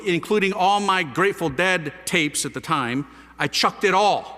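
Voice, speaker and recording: Animated, bright-voiced man in an echoey hall. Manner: lively storytelling with wide pitch swings and casual slang. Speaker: priest giving a conversion testimony. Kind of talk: animated spoken testimony.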